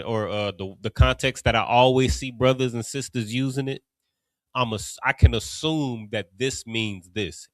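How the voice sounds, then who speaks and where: This Cincinnati man speaks in a mid-range voice with an Ohio accent, teaching a class in a loose, conversational style full of asides. The recording has no room sound.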